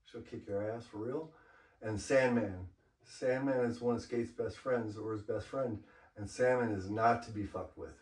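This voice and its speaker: A man's voice: fairly low pitch, steady tone, normal speed, a little mellow. A man from Los Angeles, a graffiti artist guest, telling stories in a laid-back, profane way full of "you know.". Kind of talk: casual storytelling interview. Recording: roomy, mic far off.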